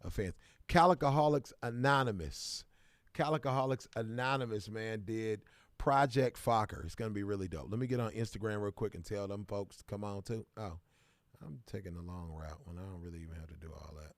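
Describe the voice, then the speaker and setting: A man's voice: on the low side, fairly quick, no echo, studio quality. A man from Kansas City, hosting a casual livestream and greeting viewers by name in bursts of hype. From Kansas City, American Midwest. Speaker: livestream host.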